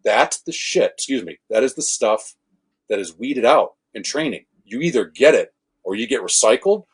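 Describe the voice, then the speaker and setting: A man, a former law enforcement officer, tells animated stories on a podcast, acting out quotes and correcting his own swearing. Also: medium pitch, normal speed, slightly rough. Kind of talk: casual storytelling conversation.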